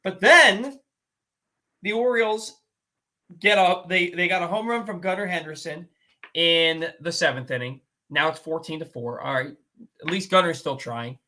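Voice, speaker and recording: A male sports talk host with a bright, forceful voice set a little high, recounting a game with animated, exasperated energy. He talks casually and restarts his sentences as the story runs on. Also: normal speed.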